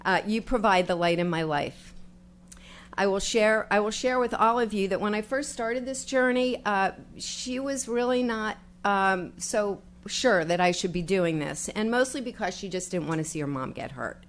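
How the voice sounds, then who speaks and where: An older woman giving a heartfelt, halting acceptance speech at a podium before an audience, thanking family and volunteers. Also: mid-range voice, a little hiss or hum. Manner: heartfelt, halting, grateful, with fillers and restarts. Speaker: newly elected official giving acceptance speech. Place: public meeting hall with audience.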